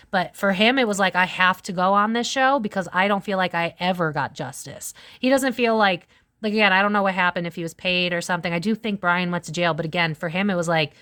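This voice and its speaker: A woman's voice: lowish voice, a bit bright, clear, resonant tone. A woman giving a casual tarot reading, rambling and swearing, with lots of "it's like" asides. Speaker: tarot reader.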